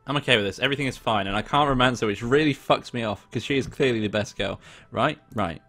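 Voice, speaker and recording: A man's voice: mid-range voice, fast, bright, forceful tone. A young man reading a visual novel aloud with casual, joking commentary, now and then swearing. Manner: casual, swears, laughs at himself. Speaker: let's play host. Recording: faint background music.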